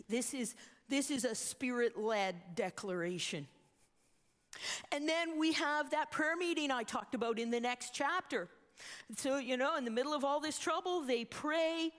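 A woman preaching a sermon, telling the story with animation and acting out the quoted voices. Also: fairly high pitch. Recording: long reverb of a hall.

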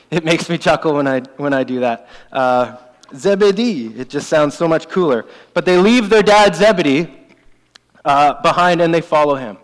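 A man preaches a sermon in an earnest, emphatic way, circling back to repeat his key lines. His voice sits a little high for a man. It carries a long reverb from a large church hall. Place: church sanctuary.

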